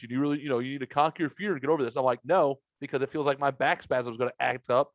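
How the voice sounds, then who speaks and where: A man at a mid-range pitch tells a long, profane story on a podcast, putting on the voices of everyone in it. The sound is dry and a little dull and lo-fi, as if recorded in a basement room at home. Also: steady tone, fast, no echo. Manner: profane storytelling, acts out both sides of conversations. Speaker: podcast host. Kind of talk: casual chat.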